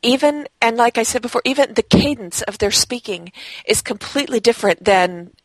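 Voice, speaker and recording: A woman co-hosting a gaming podcast in casual chat, talking in a lively, chatty way. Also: on the high side, fairly quick, no echo, poor audio. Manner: chatty, laughs easily. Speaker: podcast co-host; game blog writer. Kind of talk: casual chat about games.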